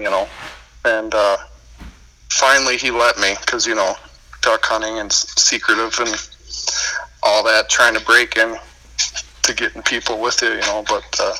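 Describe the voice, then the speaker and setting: A man from the United States with a Minnesotan accent appears as a podcast guest, telling his life story in easygoing, casual chat and laughing often. His medium-pitched, steady voice has a sharp tone and moves at normal speed with frequent pauses, captured on a low-quality recording.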